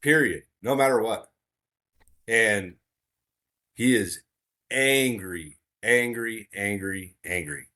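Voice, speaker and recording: A man with a somewhat low voice tells a story as a podcast guest. He talks earnestly in casual conversation and repeats key words for emphasis. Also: slow pace, pauses often, sharp tone.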